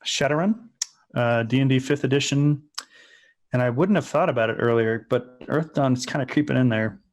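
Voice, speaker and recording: A man's voice: mid-range voice, moderate pace. Male co-host, casual gaming talk, rambling delivery with many restarts, mid-range voice. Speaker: podcast co-host. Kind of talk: casual tabletop gaming chat.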